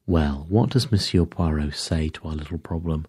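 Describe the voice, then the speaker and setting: Man voicing a big blustering actor, hearty, brash, low husky voice. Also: moderate pace, a little mellow, no room sound, clean studio sound, heavily acted.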